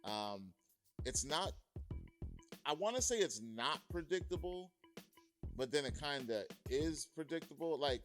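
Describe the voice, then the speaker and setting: A man's voice: fairly high pitch, very animated, unhurried, pauses often, fairly bright tone, faint music behind. A man from Massachusetts reviewing a film in a loose, chatty way, full of fillers and restarts and plainly enthusiastic. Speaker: movie reviewer. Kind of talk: casual video review.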